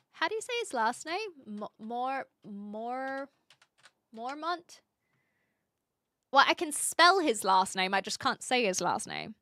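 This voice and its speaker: A woman's voice: high-pitched, pushed and bright, no room sound, clean studio sound. A woman, chatting casually on a livestream and reading chat aloud, with frequent ums and restarts. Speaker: streamer.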